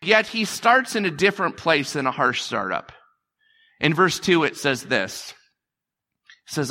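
A man's voice: on the high side, expressive, measured pace, sharp tone. A male pastor preaching a conversational sermon, repeating phrases and acting out quotes.

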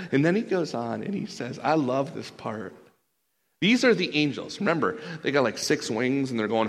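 A man's voice: medium pitch, big pitch swings, moderate pace. A man preaching a sermon as pastor, earnest and often stumbling over repeated words. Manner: earnest, with frequent stumbling restarts. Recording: long hall reverb.

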